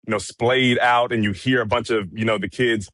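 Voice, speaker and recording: Measured man recounting trial details. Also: mid-range voice, fairly even intonation, a bit bright, no echo. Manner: measured, recounting events with frequent fillers. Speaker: courtroom correspondent. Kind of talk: casual commentary chat.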